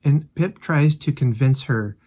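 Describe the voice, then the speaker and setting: A man's voice: mid-range voice, measured pace, warm tone, breathy edge. A man hosting a casual book commentary, animatedly retelling and reacting to the story. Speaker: host.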